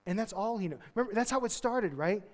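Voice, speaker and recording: A pastor with a high voice preaches a sermon in a church sanctuary, telling a story quickly with animated, casual energy and slipping into the characters' voices. A long reverb makes it sound like he's filling a big hall.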